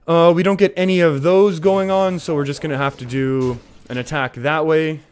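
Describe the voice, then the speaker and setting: A man's voice: fairly high pitch, fairly even intonation, moderate pace, clean tone, faint music behind. A young Canadian man with an English Canadian accent, casually commentating a card game and reading viewer comments, laughing often. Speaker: streamer.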